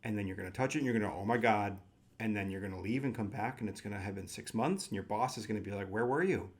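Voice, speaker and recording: A man chatting casually in a vlog, animated and gushing, with self-mocking asides. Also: fairly low pitch, very fast. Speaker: tarot deck collector.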